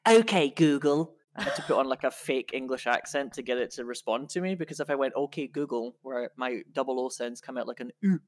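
A woman's voice: extremely low pitch, steady tone, fast, few pauses. A woman with a Scottish accent, co-hosting a podcast and chatting casually about a science article, thinking aloud and laughing easily. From Scotland. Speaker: podcast co-host.

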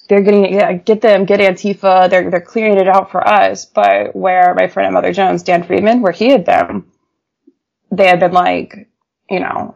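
A woman journalist telling stories casually in an interview, animated, with frequent laughs and fillers. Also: lowish voice, gravelly, dull audio. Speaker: journalist guest.

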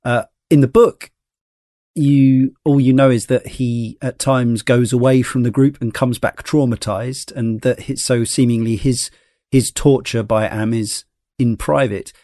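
A man's voice: mid-range voice, fairly even intonation, measured pace, dark tone, no room sound, studio quality. A man co-hosting a podcast, explaining points in casual chat. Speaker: podcast co-host.

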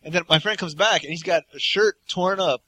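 A man's voice: high-pitched, brisk, sharp tone, rough recording. A man co-hosting a podcast, chatting casually and recounting a story with easy laughter. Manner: laid-back, laughs easily, recounts stories. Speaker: podcast co-host. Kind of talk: casual chat.

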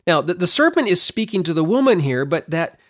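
Lively man teaching a Bible passage. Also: sits high, fairly quick. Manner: animated, explanatory, repeats words while thinking.

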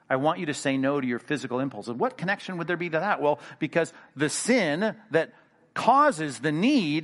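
A man preaching a sermon, animated and conversational, acting out little inner dialogues and dropping into low quiet asides. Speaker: pastor.

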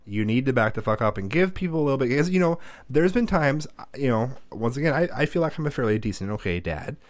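Profane, animated dad telling stories. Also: male voice, medium pitch, quick pace, no room sound. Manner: profane, animated storyteller who shouts when reenacting. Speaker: podcast co-host. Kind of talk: casual chat.

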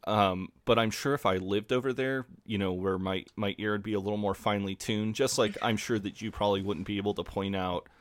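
Low-voiced Midwestern American man, dry sound. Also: steady tone, fairly quick, hardly any pauses, no echo. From Midwestern United States. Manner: rambling, laid-back, many fillers. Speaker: podcast co-host. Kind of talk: casual podcast chat.

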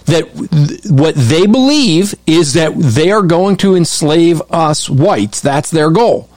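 A man's voice: on the high side, animated, slow, a little mellow, no room sound. Emphatic man with a raised voice. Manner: emphatic and repetitive, restarts often. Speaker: commentator. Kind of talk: commentary over video clips.

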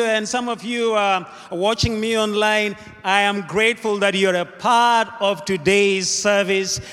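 A man's voice: high voice, a bit bright, smooth. A man preaching a sermon as pastor, leading the congregation in call-and-response and driving points home with rhythmic repetition. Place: church sanctuary with live congregation. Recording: echoey church hall reverb.

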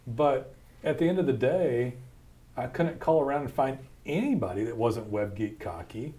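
A man's voice: medium pitch, expressive, moderate pace, warm tone. A man, hosting a podcast and telling stories about founding his company in a blunt, folksy way, laughing often. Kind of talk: casual storytelling chat.

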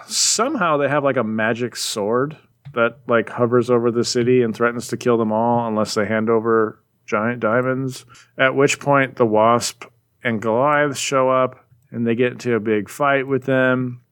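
Man, casual chat, animated storytelling, plain mid voice. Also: medium pitch, smooth. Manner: rambling, animated retelling with quick voices for characters. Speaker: podcast co-host recapping a comic.

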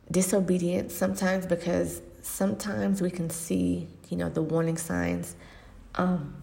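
A woman with a low, gravelly voice hosts a faith-based podcast, speaking a monologue into a podcast microphone. Her tone is flat and even, earnest and reflective, with frequent pauses filled by soft ums.

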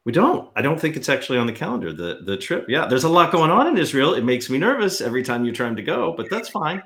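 A man's voice: on the high side, very animated, fast, fairly bright tone. A man hosting a podcast, upbeat and teasing in casual banter. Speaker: podcast host.

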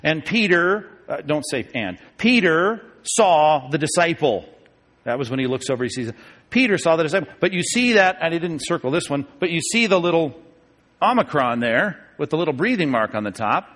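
With a fairly high, bright voice and lively intonation, a pastor talks fairly quickly through a casual Bible study class. He often checks in with "okay?" and "right?", and the recording carries a large hall's long reverb.

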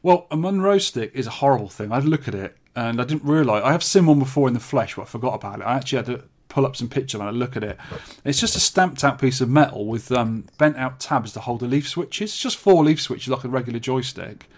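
Offhand English man, mid-pitched. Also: lively intonation, fast talker, hardly any pauses. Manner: rambling, dry, offhand, restarts often. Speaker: podcast co-host. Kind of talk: casual chat about arcade hardware.

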